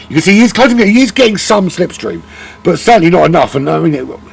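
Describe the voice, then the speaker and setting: A man's voice: medium pitch, gravelly, husky. A man commentating a sim race live, chatty and rambling, often correcting himself.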